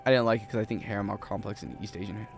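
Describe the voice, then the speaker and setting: A young man streams a video game, rambling and joking casually with his chat in a racing, gravelly voice. His pitch swings animatedly, and faint music plays behind him.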